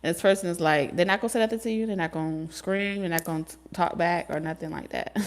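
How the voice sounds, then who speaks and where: A woman giving a casual tarot reading, talking in an animated, joking way with frequent laughs and casual swearing. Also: fairly low pitch, fairly quick, slight background noise. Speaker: tarot reader.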